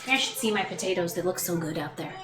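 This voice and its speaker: A woman's voice: fairly low pitch, fast, heavy background noise. A woman baking in her home kitchen, chatting casually and mocking herself, sometimes muttering to herself as she works. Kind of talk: casual cooking vlog.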